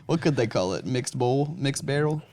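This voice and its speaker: A man's voice: medium pitch, expressive, moderate pace, darkish tone. A young man co-hosting a casual podcast with his friends. He rambles through his thoughts with plenty of "like" and the odd swear word, in an ordinary mid-range voice. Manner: rambling, swears often, lots of fillers. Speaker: podcast co-host. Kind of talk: casual chat among friends.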